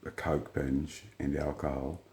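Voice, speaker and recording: A man's voice: rumbling low, a little slow, reverberant. A man telling a rambling, blunt, profane story in casual monologue. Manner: blunt, profane, rambling, retells dialogue in flat quotes. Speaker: vlogger.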